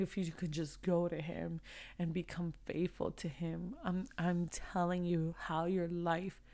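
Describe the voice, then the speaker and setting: A woman's voice: lowish voice, darkish tone. A woman giving a heartfelt devotional talk, earnest and repetitive, building in intensity as she speaks.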